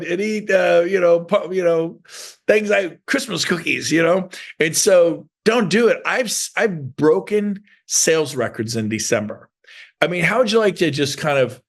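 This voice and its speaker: Fired-up man with a gravelly voice. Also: on the high side. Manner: animated, emphatic, swings to shouted bursts. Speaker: motivational speaker for real estate agents. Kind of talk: energetic motivational talk.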